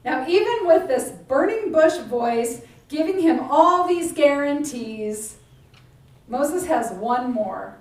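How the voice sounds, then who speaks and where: A woman's voice: sits high, expressive, slow, darkish tone. A woman giving a sermon in a conversational storytelling way, often tossing in "right?" and "like". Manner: conversational storytelling, frequent 'right?' and 'like'. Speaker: minister. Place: church sanctuary. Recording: echoey church room, speaker far from the mic.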